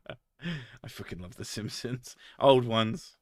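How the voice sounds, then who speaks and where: Male streamer, crude sweary banter, middle pitch, dry close mic. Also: animated, drawn-out words, pauses often, no echo. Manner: sweary, crude joking, laughs often. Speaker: streamer reading chat. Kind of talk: casual live-stream chat.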